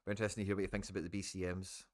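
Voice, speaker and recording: A man's voice: deep voice, flat delivery, racing. A man with a Scottish accent giving chatty live commentary on a football match to his stream viewers, now and then swearing.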